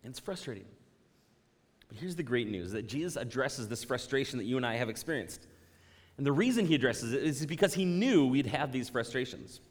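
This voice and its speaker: Animated preacher in a reverberant hall. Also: male voice, mid-range voice, brisk. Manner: animated, conversational preaching with voiced asides. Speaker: pastor. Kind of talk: sermon.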